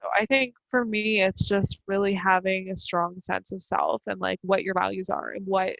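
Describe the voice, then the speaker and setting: A woman in her thirties chats casually as a podcast co-host and keeps dropping "like" between her thoughts. Her voice sits at a middle pitch, and the recording is close and dry. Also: steady tone, moderate pace, vocal fry, fairly bright tone, no room sound, rough recording. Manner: chatty, peppered with "like". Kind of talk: casual chat.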